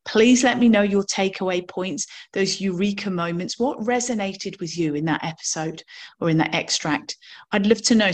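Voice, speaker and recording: A middle-aged woman teaching a somatic movement workshop, talking in a lively way, acting out little sighs and asking the listeners questions. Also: mid-range voice. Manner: animated, acts out sounds and asks listeners questions.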